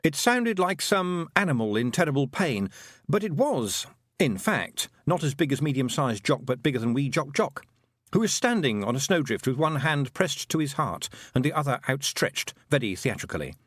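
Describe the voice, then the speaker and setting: Expressive and scripted, this man's audiobook narration comes in a mid-range voice at normal speed. The recording is dry with clean studio sound.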